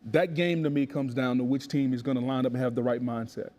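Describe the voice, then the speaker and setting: A man analysing football in a studio, emphatic and punchy, punctuating his points with 'boom'. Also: fast, mellow, highs cut off. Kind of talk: sports analysis talk.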